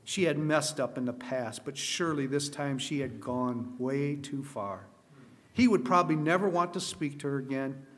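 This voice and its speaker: A man's voice: medium pitch, moderate pace. A man reading a moral story aloud with earnest expression at a camp meeting.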